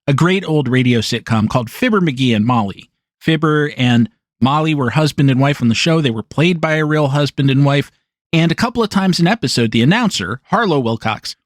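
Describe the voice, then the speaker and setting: A man from the United States carries a solo podcast with dry, sarcastic asides. His voice sits a little on the high side. The sound is close and dry, with no room echo. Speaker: podcast host.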